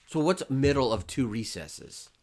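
A man in his thirties, a dad co-hosting a family podcast with his kid, teasing with deadpan jokes. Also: medium pitch, measured pace. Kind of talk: joking family podcast chat.

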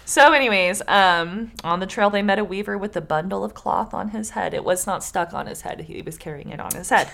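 A woman's voice: medium pitch, brisk, creaky, hardly any pauses, fairly bright tone. A young woman co-hosting a podcast, chatting casually and reading folktales aloud, giggly and swearing freely. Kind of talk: casual comedic chat with story reading.

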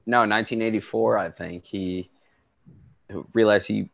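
Gravelly man on a dull, lo-fi mic. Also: on the low side, steady tone, measured pace, a bit bright, no echo. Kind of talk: casual crude banter.

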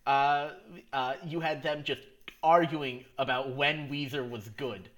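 This podcast co-host is a man with a mid-range, fairly bright voice and fairly even intonation, speaking at an unhurried pace. In casual chat he recaps a comedy sketch, rambling along with frequent laughs and restarts.

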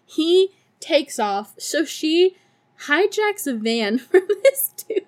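Female podcast host, slightly high voice, casual and sarcastic, frequent laughter, profane movie recap with quick character impressions. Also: big pitch swings, fairly bright tone. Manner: acts out characters in a high put-on voice.

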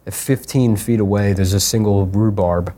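Low mellow guy joking around on a podcast, rambly, cuts himself off a lot. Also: fairly even intonation, normal speed. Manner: rambling, joking, trails off mid-sentence. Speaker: podcast co-host. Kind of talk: casual comedic chat.

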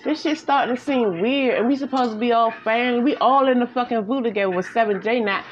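A woman's voice: fairly high pitch, fast. A woman on a live stream, bluntly scolding the chat and swearing heavily. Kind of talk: casual live-stream rant. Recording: dull lo-fi audio with faint noise.

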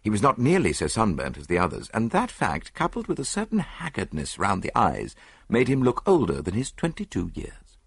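A man narrates an audiobook in a husky, fairly low voice. His intonation rises and falls widely, and the recording is close and dry with no room sound. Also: wildly swooping pitch, no room sound. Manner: measured first-person storytelling. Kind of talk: scripted narration.

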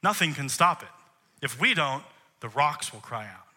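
A man's voice: a little high, sing-song, normal speed, sharp tone. A man, a worship leader, preaching a sermon in an emphatic way, posing rhetorical questions to the congregation.

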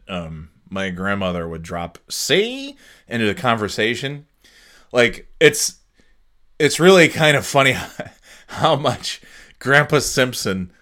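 A middle-aged man rambling casually and jokingly on his own show, standing at a desk microphone indoors. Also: fairly low pitch. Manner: rambling, joking, lively impressions. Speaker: vlogger. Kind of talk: casual solo rant.

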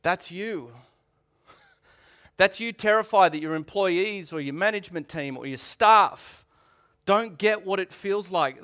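A man, preaching a sermon in a conversational, animated way. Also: a little high. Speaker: pastor.

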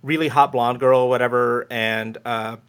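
A man's voice: medium pitch, steady tone, moderate pace, a bit bright, smooth. A man co-hosting a podcast, casually retelling a cartoon episode with lots of fillers. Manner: rambling retelling with many fillers. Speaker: podcast co-host. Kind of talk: casual chat.

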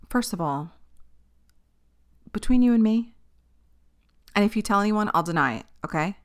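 A woman hosting her own podcast, chatting candidly and animatedly on her own and swearing freely. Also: medium pitch. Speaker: podcast host. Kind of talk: casual solo podcast chat.

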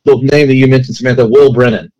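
A man's voice: mid-range voice, fairly even intonation, quick pace, darkish tone, highs cut off. Rambling man on a sports podcast. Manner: rambling, many restarts and fillers. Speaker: co-host. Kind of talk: casual sports podcast chat.

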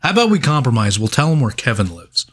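A man's voice: medium pitch, fast talker, breathy edge. A man co-hosting a podcast, telling a long casual story full of swearing and laughs. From New York. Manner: profane, animated anecdote with laughs. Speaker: podcast co-host.

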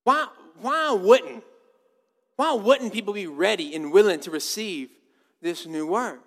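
High-voiced pastor preaching in a reverberant hall. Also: male voice, expressive, unhurried, a bit bright. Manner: casual and conversational, repeats words. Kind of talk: sermon. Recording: long reverb of a church hall.

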